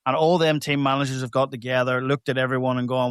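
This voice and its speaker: A man's voice: mid-range voice, steady tone, fast talker, few pauses, clean tone, no echo, studio quality. A man hosting a podcast, chatting with a guest in an enthusiastic, matey way. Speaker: podcast host. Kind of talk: casual interview chat.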